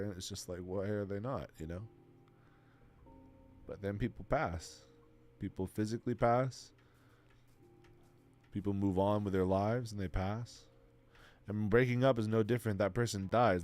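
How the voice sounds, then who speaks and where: A man's voice: on the low side, a little mellow. Earnest, emotional man streamer giving advice. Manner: earnest, swears freely, repeats himself. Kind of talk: heartfelt advice to a live chat. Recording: faint music in the background.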